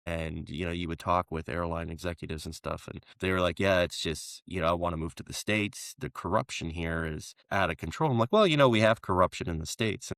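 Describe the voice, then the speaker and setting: A man hosting a casual interview, talking in a rambling, animated way and laughing often. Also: low-pitched, fairly quick, vocal fry, few pauses, no echo, studio quality. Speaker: podcast host.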